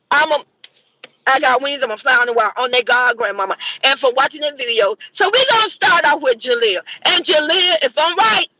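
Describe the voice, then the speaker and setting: A woman's voice: sits high, sharp tone, no echo, low-quality recording. A woman, delivering a heated, profane, trash-talking rant as a commentary vlogger. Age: 60s. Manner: brash, swearing, trash-talking.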